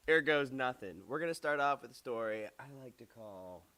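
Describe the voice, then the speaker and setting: A young man telling a casual, animated story from his own life, acting out the other people's lines in quick voices. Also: medium pitch. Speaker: storyteller vlogger.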